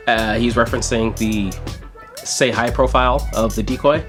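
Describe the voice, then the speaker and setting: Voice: medium pitch, fairly even intonation, moderate pace, breathy edge, soft background music. A vlogger giving casual, sarcastic commentary while narrating chat logs, exasperated and swearing often.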